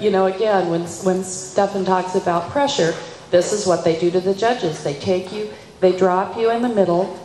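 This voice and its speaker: A woman dressage judge telling a funny competition story to an audience, acting out what people said. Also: fairly low pitch. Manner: lively, animated storyteller acting out quotes. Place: large hall. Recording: echoey hall recording with faint noise.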